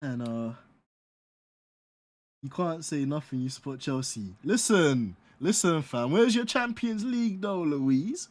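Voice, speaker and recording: A man's voice: a little high, animated, a little slow. A young man from North London with a London accent, bantering casually while sim racing, slangy and often laughing.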